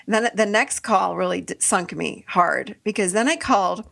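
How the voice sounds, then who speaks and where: A woman's voice: medium pitch, normal speed, creaky, fairly bright tone. A middle-aged woman hosting a podcast, telling a story casually, laughing often and acting out her own lines. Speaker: podcast host.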